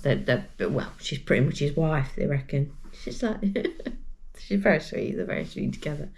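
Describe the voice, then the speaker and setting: A woman in a casual crochet vlog, chatting freely with plenty of ums and side-tracks. Her voice sits a little low and sounds slightly croaky. She talks into a camera mic at her desk. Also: big pitch swings, measured pace, a little mellow. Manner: chatty and rambling, with many fillers. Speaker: crochet vlogger.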